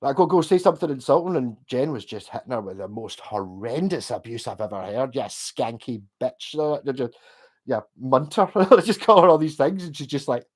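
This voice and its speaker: A man's voice: medium pitch, sing-song, brisk, few pauses. A Scottish man hosting a livestream, chatting casually and answering viewer comments in a rambling, sweary way full of restarts. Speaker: livestream host.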